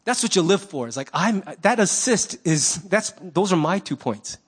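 High-voiced pastor preaching conversationally. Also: male voice, moderate pace, breathy edge. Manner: conversational and animated, acting out little quoted voices. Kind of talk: sermon.

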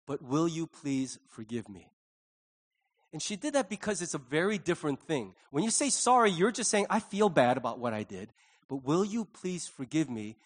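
A man's voice: on the high side, a bit bright. A middle-aged male pastor preaching a conversational sermon, acting out little quoted voices along the way.

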